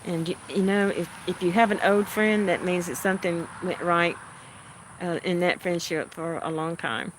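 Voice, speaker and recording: Her voice is on the low side, and there's slight background noise as she hosts her livestream. Relaxed and homey, she talks with viewers and replies to chat comments, often laughing softly.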